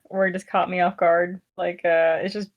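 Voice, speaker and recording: A woman co-hosting a podcast in a loose, casual chat. She is animated and giggly, often acting out quoted exchanges in playful voices. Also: fairly low pitch, moderate pace, highs cut off. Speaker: podcast co-host. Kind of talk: casual chat reviewing a show.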